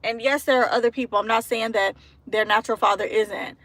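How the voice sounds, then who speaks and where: This thirties-aged vlogger talks fairly quickly in a fairly high, fairly even voice with no echo, holding her phone while walking into a store. Her casual monologue is earnest and emotional, rambling with restarts, and loud traffic noise is audible.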